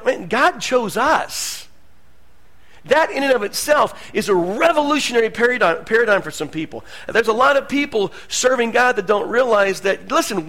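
A man preaching a sermon as pastor, moving between hushed asides and loud, emphatic lines. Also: high voice.

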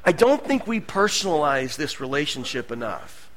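A man preaching a sermon as pastor, moving between hushed asides and loud, emphatic lines. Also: a little high, big pitch swings, normal speed.

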